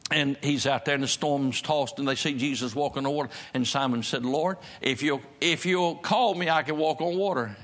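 A man's voice: mid-range voice, a little fast, few pauses, a bit bright. A man preaching a sermon in a folksy, conversational way, building to emphatic peaks and repeating his refrains. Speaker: pastor.

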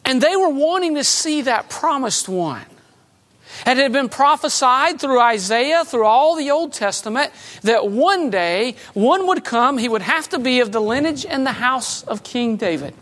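A woman preaching a sermon in a conversational way, with light humor and emphatic swings between loud and soft. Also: high-pitched, lively intonation, unhurried.

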